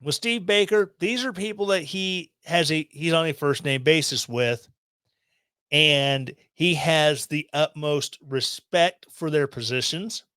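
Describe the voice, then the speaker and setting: A man's voice: fairly high pitch, a little slow, bright, forceful tone, clear, resonant tone, no room sound. A man hosting a podcast, commenting on the news in a rambling, self-deprecating way with sarcastic asides, into a studio microphone. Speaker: podcast host.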